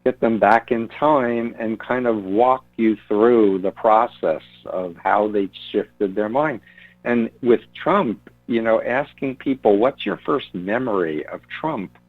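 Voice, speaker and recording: A man's voice: on the low side, slow pace, no echo. A man, an author, answering interview questions in an earnest, explanatory way, often repeating a word while he searches for the next. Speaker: author and guest. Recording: tinny phone-line sound.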